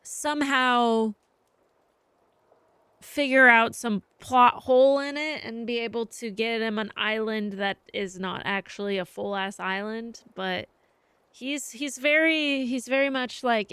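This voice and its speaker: Chatty swearing woman streamer, smooth voice. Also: fairly high pitch, measured pace, no echo. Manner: rambling, swears freely, animated storytelling. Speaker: live stream host. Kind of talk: casual chat.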